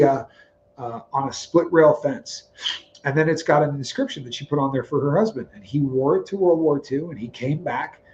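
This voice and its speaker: Man, casual storyteller, animated, acts out quotes, slightly high voice, dull lo-fi sound. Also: slight background noise. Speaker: co-host of a livestream.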